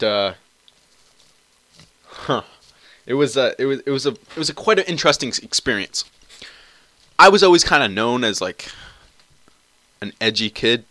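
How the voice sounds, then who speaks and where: A young man rambles through a solo podcast, swearing freely and restarting his sentences often. His voice is bright and a little sharp. He records close and dry on a cheap computer mic. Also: medium pitch, dry recording. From Canada. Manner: rambling, crude and profane, many restarts. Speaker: podcast host. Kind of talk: casual solo podcast monologue.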